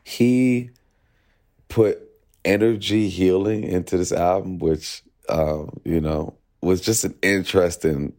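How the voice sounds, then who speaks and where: A young musician with a deep, low voice reflects slowly during an interview, thinking aloud and peppering his sentences with "you know" and "like" as he figures out what he means. His delivery is casual and unhurried, with a steady, slightly mellow tone.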